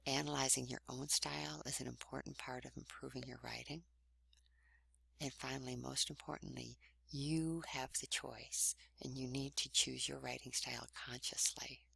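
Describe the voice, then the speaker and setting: Very low, gravelly, husky-voiced woman lecturing. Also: fairly even intonation, normal speed, no room sound. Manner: conversational, explanatory, with many soft breathy trailing phrase endings. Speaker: writing instructor. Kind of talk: recorded online lecture.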